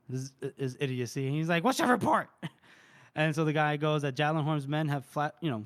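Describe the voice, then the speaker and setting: A young man hosting a podcast, casually retelling a book chapter with relaxed swearing. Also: on the high side, smooth. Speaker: podcast host.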